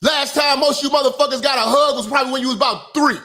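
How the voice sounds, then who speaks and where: A man giving a profane, comedic commentary monologue in a preachy, emphatic way, now and then breaking into shouts. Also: very high-pitched, steady tone, rapid-fire. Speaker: online commentator and minister.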